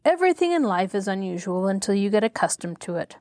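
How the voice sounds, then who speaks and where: A woman's voice: mid-range voice, big pitch swings, quick pace, a little mellow, no room sound, natural voice. A good-natured scarecrow from a storybook who is rather pleased with his own cleverness, as a woman reading aloud voices him. Mid-range and plain, recorded close and dry. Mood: proud. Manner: approving and a little vain. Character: proud, kindly male straw scarecrow.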